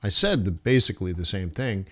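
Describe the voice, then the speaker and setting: A man's voice: deep voice, big pitch swings, fairly bright tone. A man live-streaming forex trades, thinking aloud over his charts and talking to viewers as "guys". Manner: slow, musing, talks to chat as "guys". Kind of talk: live trading stream commentary.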